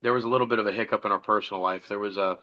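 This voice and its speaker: A man's voice: fairly low pitch, steady tone, racing, lo-fi sound. A middle-aged man telling a rambling, profane story about his band and acting out the dialogue in a casual podcast interview. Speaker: podcast guest, musician.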